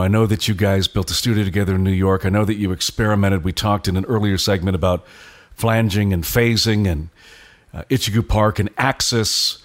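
A man hosting a radio show from a studio, talking in a casual, chatty way. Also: lowish voice. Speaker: radio host.

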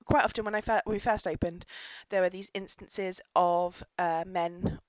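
A woman's voice: on the low side, fairly even intonation, moderate pace, dry recording, rough recording. A pregnant woman hosting a casual solo podcast, ranting and laughing, swearing now and then, sometimes turning away from her microphone. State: pregnant, pulling away from mic. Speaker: podcast host, pub landlady. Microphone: podcast microphone, dry close sound.

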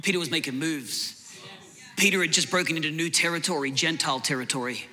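A male preacher with a fairly high, very bright and forceful voice. He preaches emphatically, restarting and repeating words as he drives each point home, with jokey asides along the way. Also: fast. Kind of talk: sermon.

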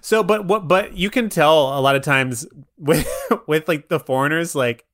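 A man's voice: on the high side, normal speed, fairly bright tone. A young man co-hosting a casual film podcast, easygoing and chuckling, with lots of fillers. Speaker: podcast co-host. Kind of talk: casual movie review chat.

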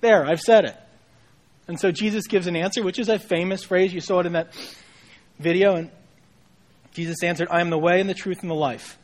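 A male pastor with a high-pitched voice gives an Easter sermon. He sounds like he is talking with his congregation rather than lecturing, telling the story casually and with light humor. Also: steady tone, a little fast.

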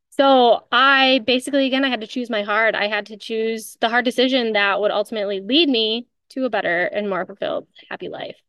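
A woman's voice: medium pitch, fairly bright tone, clean tone, no room sound, clean studio sound. A woman hosting a podcast in a casual confessional monologue, candid and emphatic, swearing freely. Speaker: podcast host.

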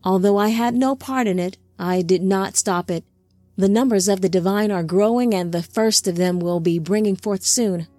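Woman reading remorseful male angelic being, solemn, formal, gentle, mid-pitched. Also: no room sound, soft background music, natural voice. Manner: formal, measured.

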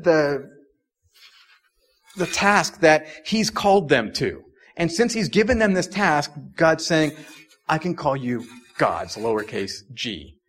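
Conversational preacher, a man with a higher voice. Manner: conversational, with many "like"s and restarts. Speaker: pastor. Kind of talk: sermon.

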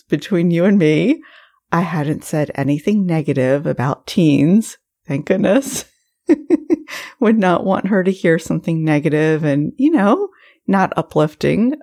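A woman in her forties hosting a solo podcast, telling stories in a warm, chatty way. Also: lowish voice. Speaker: podcast host. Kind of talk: casual solo podcast talk.

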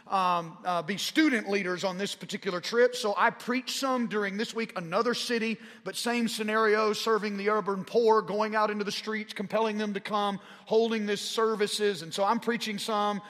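A man in his forties from Arkansas with a Southern drawl, telling a story in a sermon and growing fervent as he goes. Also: sharp tone. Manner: rising in pitch and volume as he gets fervent. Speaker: pastor. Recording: long hall reverb.

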